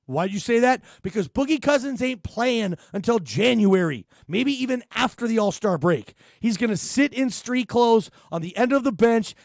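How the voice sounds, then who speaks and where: A man hosting a sports talk radio show, giving an animated, rambling monologue full of fillers and restarts into a studio microphone. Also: very high-pitched, dry recording.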